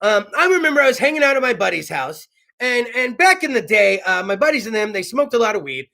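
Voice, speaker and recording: A man hosting a casual internet talk show, telling stories in a slangy, profane, animated way with sudden whoops. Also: very high-pitched, quick pace, gravelly. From California.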